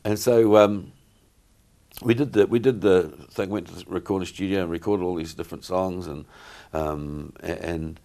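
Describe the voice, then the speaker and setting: A middle-aged man talks in a very low voice. He wanders through his stories, stopping and restarting often with plenty of ums. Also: steady tone, moderate pace, dark tone. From New Zealand. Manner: rambling, many fillers and restarts. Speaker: guest entertainer. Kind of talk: casual interview chat.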